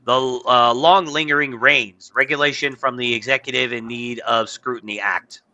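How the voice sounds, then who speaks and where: A man co-hosting a casual political podcast, blunt and excitable, who reads out news items and gets worked up when arguing. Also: medium pitch, moderate pace, dull audio. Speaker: podcast co-host.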